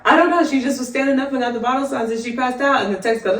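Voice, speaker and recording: Laughing, animated woman telling nurse stories. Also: high-pitched, fast talker, few pauses. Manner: animated storytelling, laughs often, swears. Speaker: nurse, podcast co-host. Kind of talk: casual chat. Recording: echoey room, distant mic.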